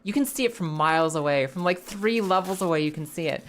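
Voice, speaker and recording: A young woman streaming a game, chatting in a rambling, animated and profane way. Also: on the low side, fast, a little hiss or hum. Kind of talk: casual live game stream chat.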